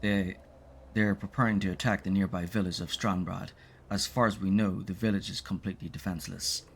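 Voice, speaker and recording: A man's voice: low-pitched, fairly even intonation, a little fast, creaky, slight background noise. A man reading out the lines of an eager, brash young prince, with small stumbles.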